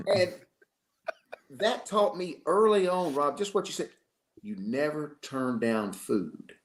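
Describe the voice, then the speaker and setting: A man from Arkansas, a football coach telling lively stories as an interview guest. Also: a little high, slow pace, long pauses. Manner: animated storyteller, acts out quotes. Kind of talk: storytelling in a radio interview.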